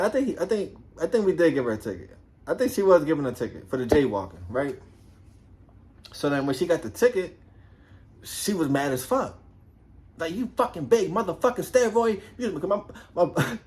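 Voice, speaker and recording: Profane, animated ex-cop telling a story. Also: male voice, on the high side. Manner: profane and animated, acts out quoted voices. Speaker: former police officer. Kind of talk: casual storytelling.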